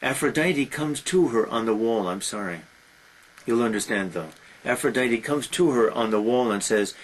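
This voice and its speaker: A man teaching a class and retelling an ancient epic in a relaxed, conversational way with many filler sounds. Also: mid-range voice, normal speed, husky, poor audio. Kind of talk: classroom lecture retelling a story.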